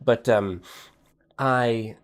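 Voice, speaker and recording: A man's voice: mid-range voice, very slow. A man voicing a flamboyant male hobgoblin friar in a tabletop game, gushing and calling everyone baby. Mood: confiding.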